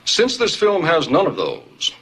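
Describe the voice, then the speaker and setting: An actor playing a solemn male movie spokesman delivering a formal, deadpan disclaimer straight to the audience. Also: a little high, unhurried, husky, heavily acted, poor audio. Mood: mock-solemn. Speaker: film announcer delivering a disclaimer. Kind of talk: scripted film address.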